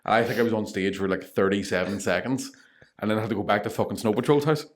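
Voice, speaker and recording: A young man with a Northern Irish accent, a comedian telling animated stories on a podcast, swearing freely and laughing through them. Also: lowish voice, fast. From Northern Ireland. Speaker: comedian guest. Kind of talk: casual storytelling.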